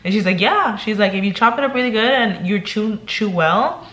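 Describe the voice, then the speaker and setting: A woman's voice: mid-range voice, expressive, moderate pace, a bit bright, reverberant. A young woman vlogging in casual chat, talking chattily and emotionally, filling her talk with "like" and "girl".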